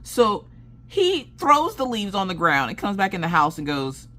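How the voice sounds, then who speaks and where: A woman chatting casually on her craft channel, telling animated stories and laughing as she goes. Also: moderate pace. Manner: animated, acts out quoted dialogue with big pitch jumps. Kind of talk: casual chat storytelling.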